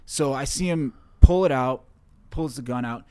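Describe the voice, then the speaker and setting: A young man from Chicago, a guest on an interview show, recounting a personal story in a halting way with many fillers and restarts. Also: mid-range voice, dark tone, smooth, no echo.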